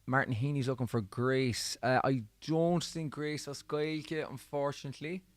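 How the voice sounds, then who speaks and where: A man's voice: mid-range voice, steady tone, normal speed, dry recording. A man, chatting casually with viewers between songs on a livestream, his voice a bit worn from singing. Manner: chatty and easygoing, reading out viewer comments. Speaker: musician hosting a livestream.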